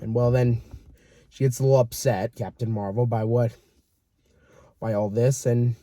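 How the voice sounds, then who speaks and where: Hesitant young man with a dark voice. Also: medium pitch, fairly even intonation, moderate pace, no echo. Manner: hesitant, rambling, lots of ums. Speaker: co-host. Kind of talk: casual movie review chat.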